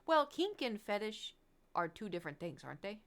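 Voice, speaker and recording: A woman's voice: mid-range voice, big pitch swings, brisk, fairly bright tone. A woman livestreamer in casual, rambling chat, candid and swearing freely with frequent laughs.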